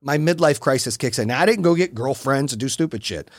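Brash fast-talking man in his forties. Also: mid-range voice, expressive, no echo, studio quality. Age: 40s. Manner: brash, boastful storyteller. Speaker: podcast guest. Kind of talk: casual podcast chat.

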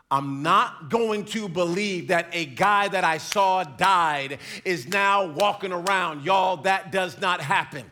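A man preaching a sermon in a lively, joking storytelling manner. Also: high-pitched, a little slow. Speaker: pastor.

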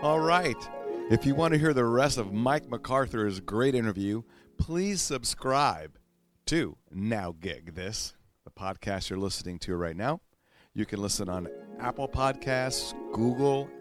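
A man hosting a podcast, upbeat and enthusiastic, closing an interview and reading a sponsor spot. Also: lowish voice. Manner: upbeat, laughs easily, enthusiastic. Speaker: podcast host. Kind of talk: casual interview and sponsor read.

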